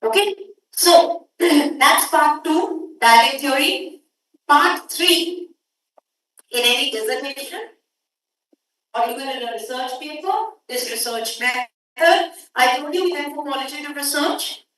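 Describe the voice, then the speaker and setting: A woman's voice: sits high, unhurried, fairly bright tone, slight background noise. A woman with an Indian English accent giving an academic workshop lecture, emphatic and putting questions straight to the audience. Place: conference hall. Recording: echoey hall, distant mic.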